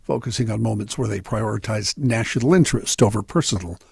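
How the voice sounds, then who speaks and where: A man reading news items on a talk radio show in a steady, measured way. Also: lowish voice, creaky, husky, no room sound.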